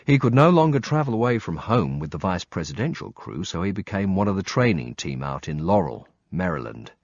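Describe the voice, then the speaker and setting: Brief: low male audiobook narrator, lively intonation, wry and blunt, dry muffled recording. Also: brisk, no room sound. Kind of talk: first-person audiobook narration.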